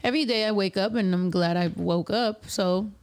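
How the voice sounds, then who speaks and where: A woman's voice: mid-range voice, normal speed. Rambling, frank young woman streaming casually. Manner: rambling, frank, swears freely. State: recovering from covid. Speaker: livestreamer. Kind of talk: casual chat.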